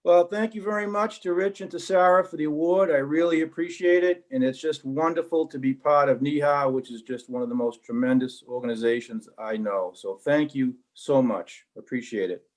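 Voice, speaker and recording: A man's voice: a little high, fairly even intonation, normal speed, few pauses, low-quality recording. A man giving brief, modest thanks after receiving a volunteer award on a video call. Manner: warm, grateful, modest. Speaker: award recipient. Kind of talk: brief thank-you remarks.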